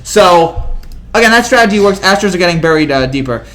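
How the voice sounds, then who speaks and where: A man hosting a casual live sports stream, speaking in a high, bright voice. He rattles along very quickly, excitable and rambling, with plenty of fillers and restarts. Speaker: host.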